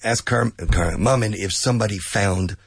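A man's voice: fairly low pitch, moderate pace, creaky, slightly rough, no room sound, studio quality. A man hosting a casual radio English lesson, joking and laughing a lot, dropping Spanish phrases, and losing his voice. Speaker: radio host teaching English.

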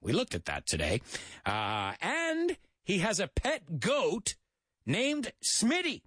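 A man's voice: sits high, wildly swooping pitch, slow pace, fairly bright tone, slightly rough, no echo, studio quality. An American man hosting a radio show, teaching English in a playful, jokey manner and mixing in Spanish explanations. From United States.

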